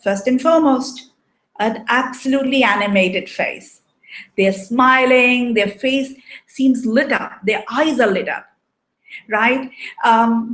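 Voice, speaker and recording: A woman coaching on relationships, giving a measured explanatory talk and often checking in with "right?". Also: on the high side, fairly bright tone. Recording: echoey room.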